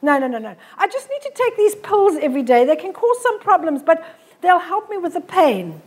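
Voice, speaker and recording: Woman doing a loud self-pitying phone caller. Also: very high-pitched, sing-song, a little fast. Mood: insistent. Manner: loud, insistent repeating.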